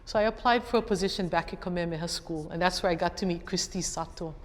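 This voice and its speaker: A woman's voice: lowish voice, fast talker. Woman speaker in a reverberant hall. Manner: conversational, addresses the audience directly. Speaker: guest speaker. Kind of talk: public talk, personal story. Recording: long reverb of a lecture hall.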